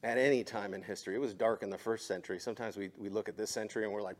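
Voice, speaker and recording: A male pastor preaching a sermon, moving between quiet, measured passages and rising, impassioned climaxes. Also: mid-range voice.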